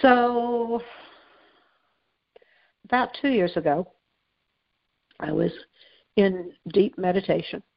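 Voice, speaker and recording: A woman's voice: medium pitch, slow, creaky, pauses often, no echo, highs cut off. A woman hosting a spiritual talk show, talking conversationally with many fillers and restarts. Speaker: host.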